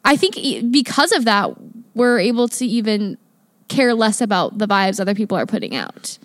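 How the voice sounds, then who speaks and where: A woman's voice: mid-range voice, big pitch swings, no echo. Reflective young woman, dry close voice. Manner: reflective, halting, many fillers. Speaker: podcast co-host. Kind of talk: casual chat.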